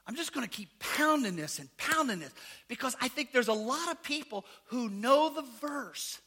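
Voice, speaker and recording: A male pastor preaching a sermon, shouting out lines, calling for amens, and telling stories in folksy slang. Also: very high voice.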